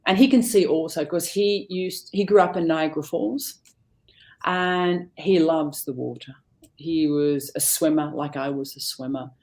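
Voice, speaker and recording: A woman's voice: low voice, unhurried. A middle-aged woman, a guest on a live talk show, chatting casually and acting out family conversations as she tells them. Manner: animated storyteller, acts out family dialogue. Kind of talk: casual chat.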